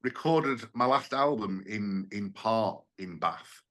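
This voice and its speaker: In a casual radio interview, a guest who is an event promoter and musician from Sheffield, England speaks enthusiastically in a low voice. His intonation is lively, his pace slow, and his tone fairly bright, and he's chatty and uses tag questions.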